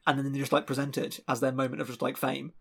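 A man with a husky voice chatting casually about a film, animated and laughing often, with many restarts. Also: mid-range voice, fast talker.

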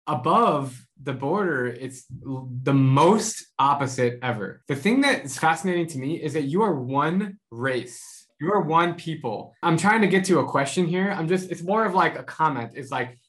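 A man's voice: a little high, animated, normal speed, few pauses, fairly bright tone. Man, podcast host, casual, chatty, says "like" a lot, conversational interview. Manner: casual and chatty, heavy use of "like".

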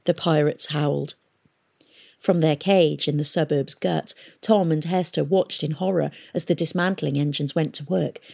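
Woman reading a book out loud, low husky voice, steady and measured. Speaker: audiobook reader. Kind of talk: reading a novel aloud.

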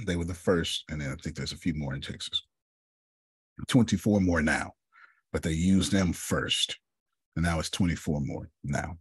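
A man giving a motivational talk to a group, telling a personal story, calling on listeners by name and often clearing his throat. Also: a bass voice, normal speed, long pauses, dry recording. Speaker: speaker leading a group session.

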